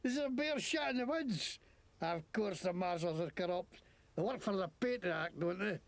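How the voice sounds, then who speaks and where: A crude wasteland crook with a bad fake Scottish accent, his voice gravelly and rough. He rants and complains in a video game, his pitch swinging wildly up and down. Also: lively intonation, moderate pace, dry recording. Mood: ranting. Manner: crude, ranting, self-pitying. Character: grudge-holding noseless male wasteland crook.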